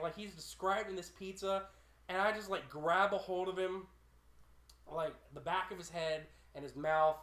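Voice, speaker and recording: A man's voice: high-pitched, steady tone, moderate pace, a bit bright. A man on a podcast telling a funny story, acting out his friends' lines as he goes. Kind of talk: casual group chat. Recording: roomy room echo.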